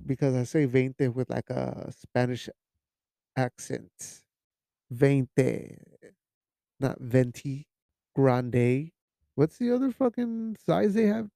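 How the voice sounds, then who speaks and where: Gravelly and mellow at a medium pitch, this young podcast host speaks at a measured pace. His talk is loose and rambling, full of profanity and bits of Spanish. The clean studio sound has no room echo.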